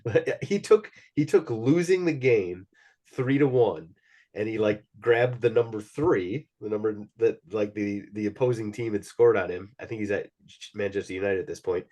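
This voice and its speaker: Man, podcast host, low voice, casual, chuckling. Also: normal speed, a little mellow. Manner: laughs often, hands off turns. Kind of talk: casual chat.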